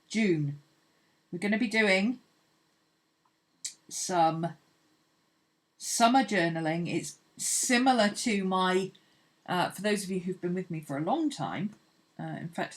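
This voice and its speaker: A woman hosting an art channel, chatting casually and rambling cheerfully as she sketches. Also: lowish voice. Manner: chatty, rambling, laughs easily. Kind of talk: casual chat while sketching.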